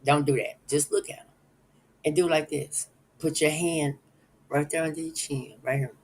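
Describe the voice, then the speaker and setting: A man's voice: on the high side, steady tone, normal speed, breathy edge, rough recording. A man hosting a casual live stream, rambling and chuckling as he talks straight to his viewers.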